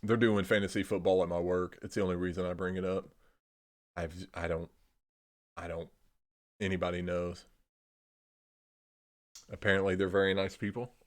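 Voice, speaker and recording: Young male streamer, lowish voice, easygoing and profane, rambles and trails off. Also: flat delivery, normal speed, pauses often. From Indiana, USA. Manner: laid-back, swears a lot, trails off with "I don't know". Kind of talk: casual rambling chat.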